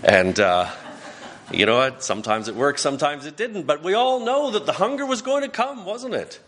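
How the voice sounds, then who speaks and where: A man's voice: on the high side, lively intonation, normal speed, fairly bright tone, a little hiss or hum. A man pastor giving a sermon in a folksy storytelling way, often restarting his sentences.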